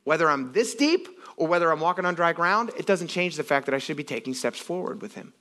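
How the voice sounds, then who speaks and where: Animated man preaching a casual sermon. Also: a little high, fast. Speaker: pastor. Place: church sanctuary.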